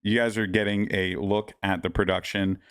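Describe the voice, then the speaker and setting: A man's voice: on the low side, flat delivery, normal speed, clean tone, dry recording, clean studio sound. A man co-hosting a podcast in casual chat, rambling and restarting his sentences with lots of fillers. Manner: rambling, self-interrupting with many fillers. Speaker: podcast co-host.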